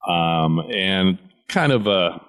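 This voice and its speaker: A man's voice: deep voice, animated, slow, a bit bright, clear, resonant tone. A man co-hosting a casual chat who explains comic book news at length and answers his co-host with short agreeing replies. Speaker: comic shop owner, podcast co-host.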